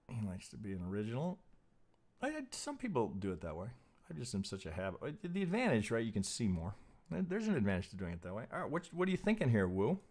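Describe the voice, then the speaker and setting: A middle-aged man hosting a trading stream, talking over charts in a casual, profane, animated way. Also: fairly low pitch. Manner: profane, animated, mimics clueless traders in quick asides. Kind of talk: casual live chart commentary.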